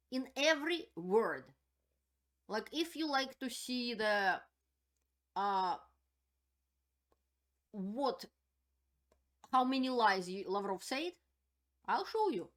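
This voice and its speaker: Woman, channel host, political commentary, indignant, emphatic, fairly high voice. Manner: indignant and emphatic, repeats points.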